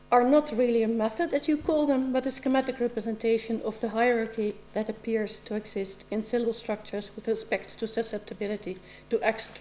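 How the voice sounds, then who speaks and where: A woman's voice: mid-range voice, dark tone, slight background noise. A middle-aged woman asking formal, precise questions as an examiner at a doctoral defense. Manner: measured and precise, with occasional ums.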